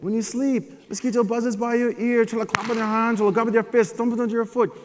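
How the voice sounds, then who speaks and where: A man putting on his stern, wise older father from West Africa, speaking with a Sierra Leonean accent and a slow, weighty, commanding delivery. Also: very high-pitched, flat delivery, noisy background, pitched above the performer's own voice. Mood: instructive. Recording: reverberant hall.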